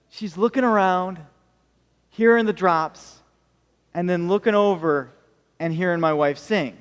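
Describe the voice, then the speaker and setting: A man's voice: high voice, clear, resonant tone, long reverb tail. A male American pastor preaching a sermon, telling stories with jokey asides. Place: church hall.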